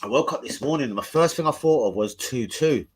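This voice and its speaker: A man's voice: mid-range voice, lively intonation, a little fast, slightly rough. A young man, swearing and rambling in casual slang as he chats on a live stream from home into his phone. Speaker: football fan streamer.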